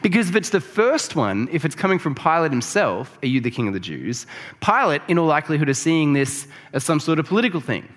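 A man's voice: a little high, sing-song, fairly quick, a bit bright. A man preaching a sermon, explaining scripture in a conversational way that builds to emphatic peaks. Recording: long reverb of a large hall.

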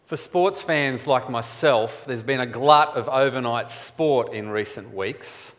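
A man's voice: mid-range voice, slow pace. A man preaching a sermon in a conversational, wry storytelling manner, in a church. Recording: church hall with long reverb.

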